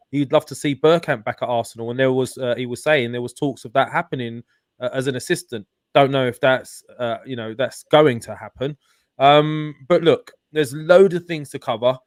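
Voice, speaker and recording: A man's voice: medium pitch, moderate pace, dry recording. Man, stream host, casual chat, upbeat, lots of fillers, dry close sound. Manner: upbeat, chatty, many fillers. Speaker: channel host.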